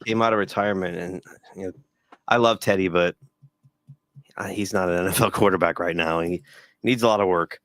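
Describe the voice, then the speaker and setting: A man co-hosting a casual sports talk show, telling stories with animated quoted voices. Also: low voice, brisk, long pauses, no echo. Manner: animated storyteller, acts out quotes. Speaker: podcast co-host.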